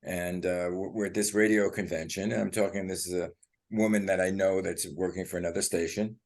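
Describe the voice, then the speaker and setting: A man's voice: low-pitched, steady tone, fairly quick. An older man from Brooklyn hosting a casual chat, stammering and repeating the first words of his sentences. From Coney Island, Brooklyn. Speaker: host.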